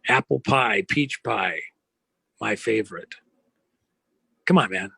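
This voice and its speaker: Man, interview guest, gravelly, husky, emphatic, preachy, dry close sound. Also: lowish voice, takes it slowly, bright, forceful tone, no echo. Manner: emphatic, preachy, rhetorical questions. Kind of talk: impassioned interview talk.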